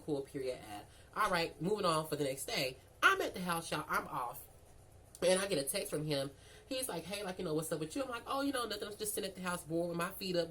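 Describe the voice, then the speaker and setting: Young woman telling a storytime, lowish voice, animated and cussing, acts out both sides. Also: slight background noise, rough recording. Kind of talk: casual storytime chat.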